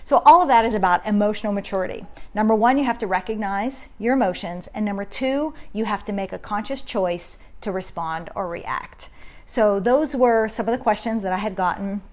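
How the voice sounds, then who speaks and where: A middle-aged woman speaks into her phone from home during a live parenting session. Her delivery is conversational and unscripted, with an everyday voice at an ordinary pitch. She breaks off now and then to welcome viewers by name before carrying on. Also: brisk, darkish tone. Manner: conversational, greets viewers by name while teaching. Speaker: parenting group host. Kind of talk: casual live-stream talk.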